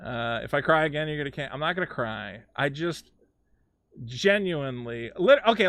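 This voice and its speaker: A man chatting casually with his viewers while playing a game on a live stream. He is excitable, stammers through restarts and swears a lot. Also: a little high, moderate pace.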